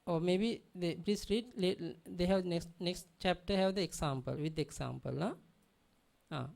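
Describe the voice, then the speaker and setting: A woman's voice: fairly low pitch, normal speed, vocal fry, darkish tone. A woman teaching a language class, drilling pronunciation by repeating words and often checking that her students understand. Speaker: Pali teacher.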